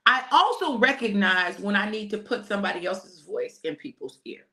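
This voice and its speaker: In an informal sermon broadcast live, a middle-aged pastor and prophetic speaker preaches with lively, conversational energy, calling everyone y'all. Folksy and preachy by turns, she stresses key points emphatically by raising her voice to a high pitch.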